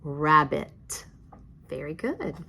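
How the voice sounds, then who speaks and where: A woman's voice: sits low, big pitch swings, extremely slow, creaky. A woman teacher giving a reading lesson, patient and encouraging, praising each answer. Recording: faint background noise.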